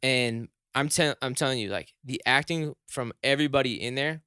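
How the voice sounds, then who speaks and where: Young male co-host, bright clear voice, casual storyteller who gets animated, dry close sound. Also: moderate pace, no room sound. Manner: animated, rises high and loud when shocked. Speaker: podcast co-host.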